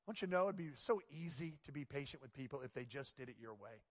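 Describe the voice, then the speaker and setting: A man, a pastor, giving a conversational, joking sermon that drops into quiet, earnest prayer tones. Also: mid-range voice, lively intonation, fast, long reverb tail.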